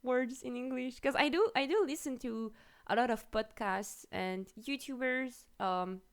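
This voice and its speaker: A high-voiced woman speaking English with a French accent, French being her first language. She hosts a casual stream chat, animated and laughing often, restarting her sentences as she goes. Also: measured pace, clean tone. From France. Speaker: streamer host.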